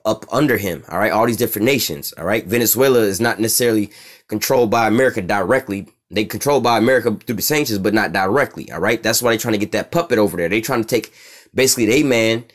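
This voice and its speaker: A man giving casual, profane scripture commentary as a religious teacher, reading verses slowly and asking "all right?" again and again. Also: fairly low pitch.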